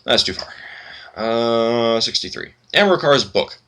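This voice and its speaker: A man's voice: mid-range voice, lively intonation, a little slow, bright, forceful tone, slight background noise. A man hosting a let's play, reading game text aloud and commenting casually with wry asides.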